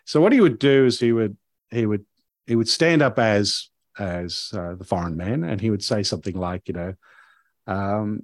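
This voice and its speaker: A man's voice: fairly low pitch, expressive, normal speed, no echo, clean studio sound. A man hosting a podcast, telling a story in a casual, rambling way with many fillers and restarts.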